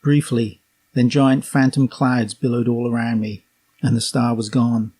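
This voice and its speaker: Husky-voiced Norfolk man reading aloud. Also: medium pitch. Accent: Norfolk English. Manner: steady, unhurried reading, occasional slips. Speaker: reader. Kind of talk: audiobook narration of a memoir.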